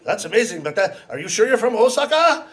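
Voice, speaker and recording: A man acting out an impatient customer in a hurry who talks in brisk, exasperated bursts. His voice is high, and it is rakugo storytelling on stage. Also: big pitch swings, background noise. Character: impatient hurried male customer.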